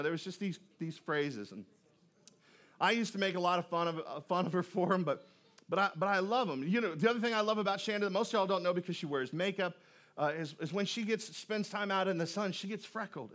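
A man preaching a sermon, his voice sitting noticeably high for a man. He keeps it loose and conversational, cracking jokes and often restarting his sentences with repeated words. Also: brisk, a bit bright. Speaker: pastor. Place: church auditorium.

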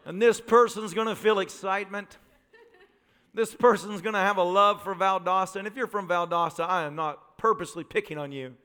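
A man preaching a sermon as pastor, animated and joking, full of rhetorical questions. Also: high voice, brisk, clear, resonant tone. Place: church sanctuary. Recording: live church recording with long reverb.

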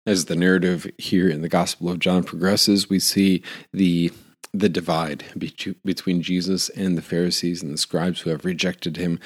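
Male pastor, very low voice, relaxed conversational sermon with restarts. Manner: conversational with fillers and restarts, laughs lightly.

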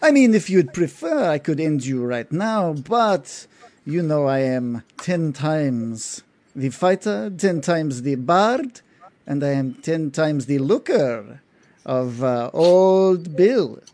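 A man's voice: a little high, very animated, takes it slowly, dark tone, heavily acted. A man voicing a haughty noble half-elf bard who speaks in a theatrical, pompous way. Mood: boastful.

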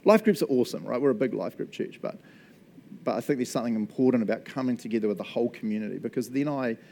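A man preaches at a quick pace in a creaky, warm, medium-pitched voice with lively intonation, and slight background noise can be heard. His sermon is casual and enthusiastic, full of laughter, check-ins with the congregation, and tag questions like "right?" and "eh?".

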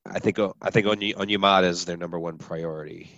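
A man's voice: deep voice, steady tone, fast, fairly bright tone, dry recording, lo-fi sound. A man talking casually on a sports podcast, hesitant and full of restarts.

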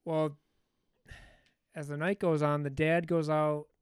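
A man's voice: a little high, flat delivery, slow, clean tone, no echo, studio quality. A man co-hosting a podcast, casually recapping a film in a rambling, profane storytelling way. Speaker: podcast co-host. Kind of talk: casual movie recap chat.

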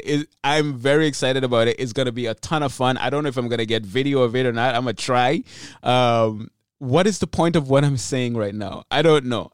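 A man hosting his own podcast in an energetic, rambling way, often cutting himself off mid-thought. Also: a little high, smooth, dry recording, studio quality. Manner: energetic, rambling, self-interrupting. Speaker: podcast host. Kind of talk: solo podcast monologue.

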